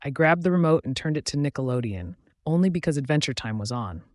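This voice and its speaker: A man narrating a fantasy romance audiobook in the first person, in an even storytelling delivery. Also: a little high, quick pace, no room sound, studio quality.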